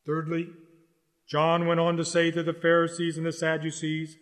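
A man preaching a sermon in an urgent, exhorting way, repeating key lines slowly for stress. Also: fairly high pitch, monotone, big-room sound.

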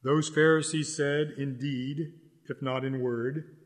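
A man preaching a sermon in an urgent, exhorting way, repeating key lines slowly for stress. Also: mid-range voice, fairly even intonation, long reverb tail.

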